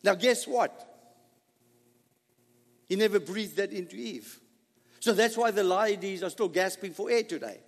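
A man's voice: high voice, measured pace, long pauses, in a large hall. A man preaching a sermon, dramatic, full of rhetorical questions and acted-out dialogue. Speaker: pastor.

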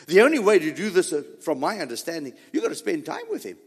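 High, lively man preaching with long pauses. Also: husky, long reverb tail. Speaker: pastor. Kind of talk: sermon.

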